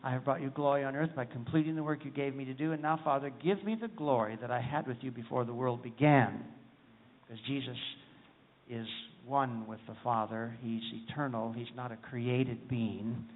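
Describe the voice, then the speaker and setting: A man's voice: medium pitch, fairly even intonation, normal speed, long reverb tail. Folksy preacher man, tinny sound. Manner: folksy, humorous, calls for amens. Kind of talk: sermon.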